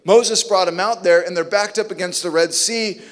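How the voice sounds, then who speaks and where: A man's voice: high-pitched, fairly even intonation, normal speed, big-room sound. A man preaching a sermon with emphatic, rhetorical questions. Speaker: pastor.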